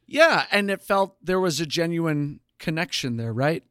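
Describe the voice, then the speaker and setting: A man's voice: a little high, lively intonation, a little slow, fairly bright tone, clear, resonant tone, no echo, clean studio sound. A man co-hosting a podcast, casually retelling show episodes with plenty of um and like. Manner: chatty storyteller, lots of um and like. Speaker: podcast co-host. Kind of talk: casual chat recapping a show.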